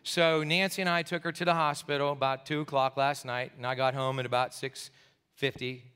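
Brisk and at medium pitch, the clean-toned voice belongs to a middle-aged Pennsylvania pastor preaching in a church sanctuary, where the hall echoes. He hasn't slept, yet he animatedly performs the characters of the story he's telling.

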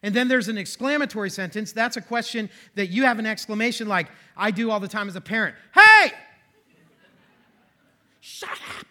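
A man's voice: sits high, fast talker, hardly any pauses, sharp tone. A male pastor preaching a sermon in a church, conversational and self-deprecating, with joking asides. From western Pennsylvania. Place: church sanctuary.

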